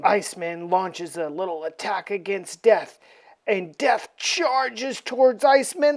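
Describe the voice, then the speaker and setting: A woman's voice: mid-range voice, unhurried. A woman casually recapping a comic book issue in a slangy, offhand way.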